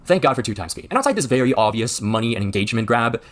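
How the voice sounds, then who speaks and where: A man's voice: mid-range voice, big pitch swings, rapid-fire. A man giving a critical commentary voice-over, sounding disgusted. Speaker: YouTube commentator.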